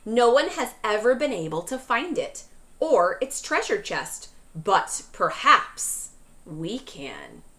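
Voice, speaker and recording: A woman voicing a helpful, excitable librarian in a storybook. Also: a little high, takes it slowly, full character voice. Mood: confiding.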